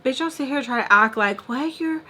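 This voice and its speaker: A young woman vlogger telling a story in casual chat while doing her makeup. She is animated, packs her talk with fillers and drops into whispered asides. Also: fairly high pitch, quick pace. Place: home room, doing makeup.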